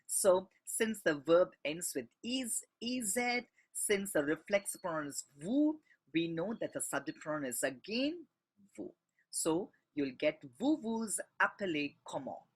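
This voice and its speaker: A man's voice: sits high, big pitch swings, unhurried, slightly rough. A man, a French teacher patiently walking students through a textbook exercise and spelling words out letter by letter. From India.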